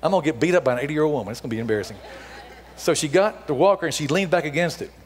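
A middle-aged man giving a storytelling sermon as a guest speaker, acting out the dialogue as he tells it before softening to a hushed appeal. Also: a little high, lively intonation, rapid-fire. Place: church sanctuary. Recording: long hall reverb in a church.

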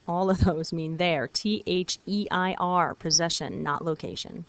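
A woman French teacher giving a recorded video lesson, patient and encouraging, repeating words slowly for her students. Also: on the low side, clear, resonant tone, no room sound.

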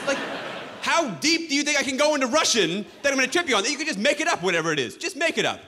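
A man's voice: very high voice, very animated, rapid-fire, bright, forceful tone, long reverb tail, slight background noise. A man doing a stand-up comedy set on a club stage, ranting with exasperated sarcasm.

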